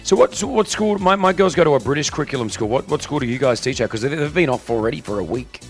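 A man hosting a live morning radio show, teasing his co-host and running a quiz at a brisk pace. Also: medium pitch, animated, faint music behind. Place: hotel venue for a live broadcast.

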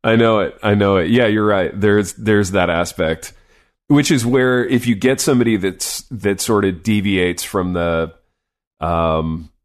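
A man's voice: lowish voice, measured pace. A man co-hosting a sports podcast in casual chat, loose and rambling with lots of filler words.

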